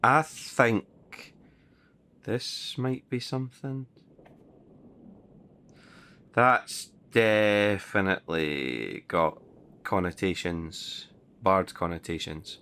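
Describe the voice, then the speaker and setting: Brief: male gameplay commentator, lowish voice, murmured dry self-talk with occasional swearing, clear background noise. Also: a bit bright. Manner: muttering to himself, dry asides, occasional swearing.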